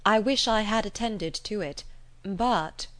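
A woman reading aloud, voicing a lively, proud young gentlewoman heroine, raising her voice for the part. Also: medium pitch, slow, pitched above the performer's own voice, lightly acted. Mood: earnest.

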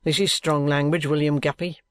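A reader voicing a sulky, gruff young man who answers in curt, grumbling sentences. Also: mid-range voice, little pitch movement, fairly quick, dry recording, studio quality, close to an everyday voice.

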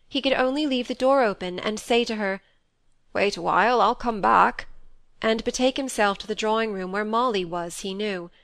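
A woman reads a classic novel aloud in a measured, even manner, at a middle pitch. The recording is dry and close, with no echo. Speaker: audiobook narrator. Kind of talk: scripted narration.

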